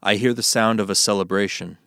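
A man's voice: fairly low pitch, steady tone, fairly quick, sharp tone, no room sound, clean studio sound. A man voicing Moses as an earnest, pleading leader in a solemn Bible reading.

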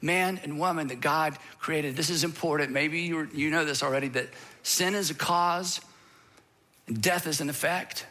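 A man preaching a sermon, animated, acting out the voices of his listeners and of the apostle as he retells the text. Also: a little high, moderate pace. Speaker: pastor.

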